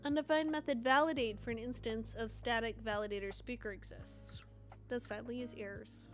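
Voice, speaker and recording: Chatty high-voiced woman live-coding streamer. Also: moderate pace, soft background music. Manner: animated storyteller, chatty, lively asides. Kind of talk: casual chat while coding.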